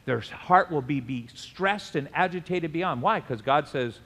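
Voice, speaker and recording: Animated preacher man, reverberant hall. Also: on the high side, unhurried, breathy edge. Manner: animated preaching with sudden loud bursts and chuckles. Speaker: pastor. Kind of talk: sermon.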